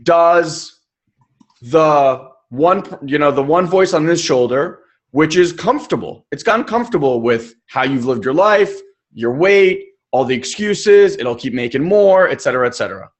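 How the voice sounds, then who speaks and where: A man's voice: on the high side, animated, normal speed. A man coaching in a live webinar, speaking emphatically and casually, with occasional swearing. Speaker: life coach.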